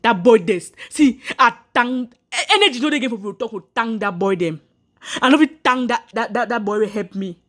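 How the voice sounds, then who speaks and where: A woman's voice: on the high side, fairly quick, fairly bright tone. A woman, telling viewers her own story earnestly, repeating herself and restarting lines. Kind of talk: personal story told to viewers.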